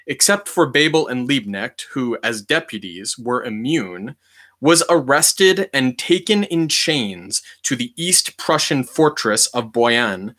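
A man reading a history book aloud in a measured, deliberate way, leaning on key words for emphasis. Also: medium pitch, pushed and bright.

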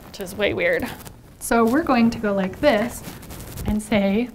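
Female first grade teacher, highish voice, animated sight word lesson. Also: a little hiss or hum. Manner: animated, drawn-out letter-by-letter spelling.

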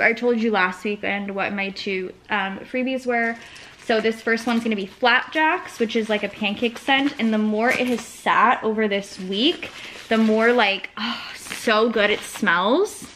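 A woman's voice: fairly high pitch, normal speed, fairly bright tone. Young woman, home vlogger, loose and rambling delivery with a faint hum of noise behind her. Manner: rambling, frequent "like" and "um" fillers. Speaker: small business owner and vlogger. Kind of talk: casual chatty vlog narration.

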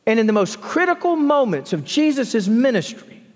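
A man preaching a sermon as pastor, expressive, dropping low and slow for emphasis. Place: large church sanctuary. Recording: long church hall reverb.

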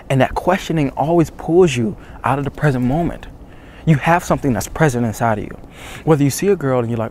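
A man speaks low and intensely as a dating coach, repeating his urgings over and over. He is shivering from the cold, out of doors before dawn, and his voice sits at an ordinary pitch. A faint hum of ambience runs underneath. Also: fast talker. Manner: hushed, intense, repetitive urging. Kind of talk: motivational talk to camera.

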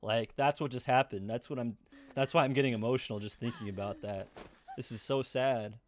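A man with a medium-pitched voice reacts casually to an anime episode, talking a little fast. He is excitable, swearing and laughing often.

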